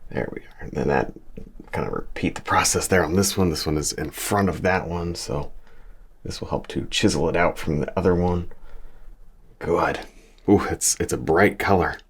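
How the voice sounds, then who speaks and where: A man's voice: sits low, moderate pace, husky. A man teaching a painting lesson, chatting and encouraging as he works, chuckling often. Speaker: painting instructor. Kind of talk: relaxed painting tutorial.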